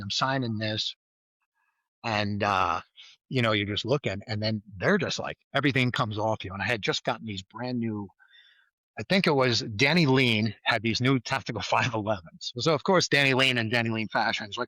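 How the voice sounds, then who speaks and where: A man with a bright, forceful voice tells a story as a podcast guest. He talks in a lively, casual way, laughs often, and slips into the voices of the people in his story. The sound is close and dry. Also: medium pitch, brisk, no echo. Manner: animated storyteller who laughs often and acts out quoted lines. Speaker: guest, former state trooper.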